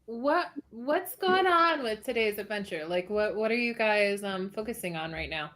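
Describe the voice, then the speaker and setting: A woman's voice: mid-range voice, expressive, normal speed, fairly bright tone. A woman host in a casual interview, bubbly and gushing in her reactions.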